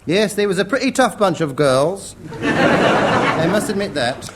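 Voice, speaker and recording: A man's voice: sits high, very animated, a little slow, a bit bright, exaggerated voice. A man playing a cocky, bumbling British secret agent in a 1960s radio comedy sketch. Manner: cocky, leering comic delivery. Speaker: comic lead in a radio sketch. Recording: hissy 1960s radio broadcast recording.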